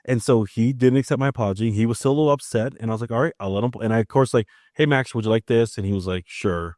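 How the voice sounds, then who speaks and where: A man's voice: medium pitch, very fast, darkish tone, no room sound, clean studio sound. A man from Maryland hosting a podcast, chatting casually and telling family stories, acting out the dialogue as he goes. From Maryland, USA. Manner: chatty storyteller who acts out family dialogue. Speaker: podcast host.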